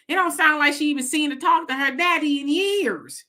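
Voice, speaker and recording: A woman hosts a live-stream political commentary show. Her high, sharp, bright voice drives emphatic, mocking talk, full of pointed rhetorical questions. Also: fairly quick, hardly any pauses. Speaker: host.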